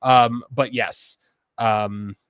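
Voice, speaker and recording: A man hosting a casual podcast chat, talking in an animated, self-deprecating way. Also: medium pitch, very slow, clean tone, no room sound, studio quality. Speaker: host.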